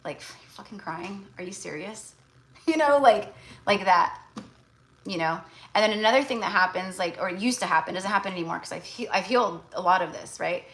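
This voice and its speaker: A woman's voice: mid-range voice, a little fast, a bit bright, rough recording. A woman tarot reader in casual livestream chat, blunt and chatty, full of fillers.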